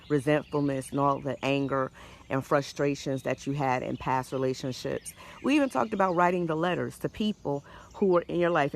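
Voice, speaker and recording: A woman speaks as a life coach in a faith-based motivational talk, her voice gravelly with vocal fry. She talks warmly and conversationally, often stopping to restart a sentence. Faint outdoor sounds with birdsong sit behind her. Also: low-pitched, a little hiss or hum. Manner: warm conversational encouragement with frequent restarts.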